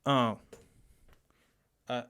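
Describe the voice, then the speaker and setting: A man with an Australian accent hosting a comedic headphone review, excitable and sarcastic, laughing often. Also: extremely slow. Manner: excitable and sarcastic, laughing, with big pitch swings. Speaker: host reviewing cheap headphones.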